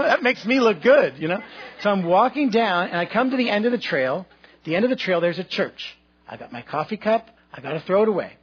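A pastor tells his congregation a personal story during a sermon, conversational and humorous, with asides to his listeners. His voice is high, a bit bright and husky, and the audio sounds dull.

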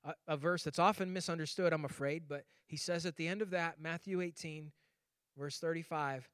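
A man's voice: on the high side, fairly even intonation, moderate pace, a bit bright, smooth, no echo, studio quality. A man preaching a sermon as pastor, telling stories animatedly with acted voices and laughs.

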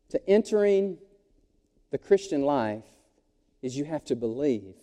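A man preaching a sermon as pastor, animated, folksy and joking. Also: fairly high pitch, measured pace. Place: church sanctuary. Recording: long reverb of a large hall.

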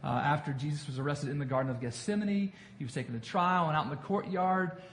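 Speaking quickly in a fairly high voice, a man leads a Bible study as its pastor. His teaching is interactive and conversational, full of repetition and questions for the group, and the echoey room carries faint noise.

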